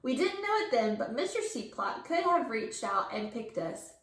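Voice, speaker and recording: Expressive woman teacher reading aloud. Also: a little high, moderate pace. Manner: expressive read-aloud with character voices. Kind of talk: reading a picture book aloud. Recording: echoey room.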